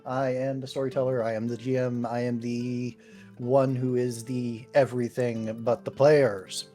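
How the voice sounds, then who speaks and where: A man's voice: medium pitch, flat delivery, measured pace, warm tone, faint music behind. A man introducing himself as the game master of a tabletop stream with light, joking banter.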